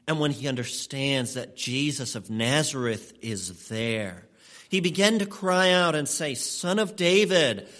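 A man's voice: mid-range voice, a bit bright. A male pastor preaching a sermon, pressing his points with strong emphasis and shifting pace. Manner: emphatic preaching, speeds up and slows down for stress.

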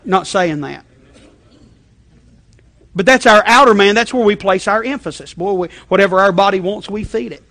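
A male pastor preaching a sermon in a conversational way, checking in with the congregation and shifting between loud emphasis and quiet asides. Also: high voice, moderate pace, long pauses. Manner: conversational, repeating check-ins, frequent restarts.

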